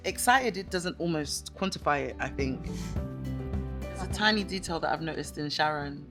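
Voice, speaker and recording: A woman's voice: deep voice, lively intonation, normal speed, music in the background. A woman cast member asking questions in a round-table chat, enthusiastic and playful.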